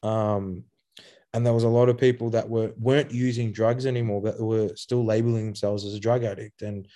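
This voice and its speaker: A man in a casual interview, telling stories in an animated way, swearing, laughing often and acting out the voices of people he quotes. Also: on the low side. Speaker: guest, youth program founder.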